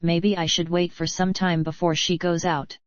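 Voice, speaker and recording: A woman's voice: on the low side, flat delivery, moderate pace, dry recording, highs cut off, natural voice. A woman voicing a wary young male hero in an audiobook, thinking aloud to himself. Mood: musing. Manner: musing, talking to himself.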